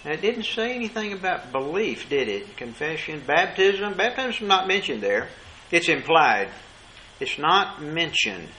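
A man preaching a sermon, asking rhetorical questions and slowing down to stress key words. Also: a little high, very animated, sharp tone, a little hiss or hum, poor audio.

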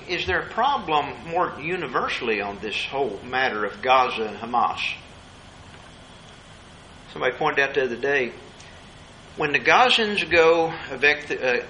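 A man's voice: on the high side, bright, forceful tone, a little hiss or hum, poor audio. A man preaching a Bible study sermon, emphatic and repeating his key phrases for weight.

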